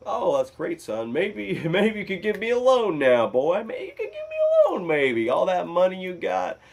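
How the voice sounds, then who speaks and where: A man's voice: high voice, wildly swooping pitch, normal speed, creaky, slight background noise, voice pushed up, full character voice. A man voicing a mocking middle-aged father who gives grudging praise in a sneering, sing-song way.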